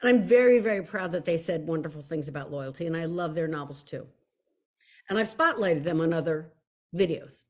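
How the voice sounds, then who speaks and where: A woman's voice: low-pitched, lively intonation, fairly quick. A woman with a Philadelphia accent, an author hosting her own video show, chatting effusively to viewers with many restarts and repeated words like "very, very.". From Philadelphia area. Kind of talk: casual chat to viewers.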